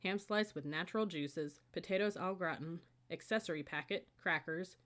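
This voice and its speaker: Woman reading an audiobook, low voice. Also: normal speed, fairly bright tone. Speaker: audiobook narrator. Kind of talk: scripted narration.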